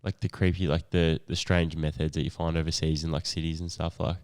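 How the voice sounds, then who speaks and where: A man's voice: extremely low pitch, level tone, brisk, darkish tone, clear, resonant tone. A young adult man, co-hosting a podcast in a laid-back, sweary chat. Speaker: podcast co-host. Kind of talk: casual chat.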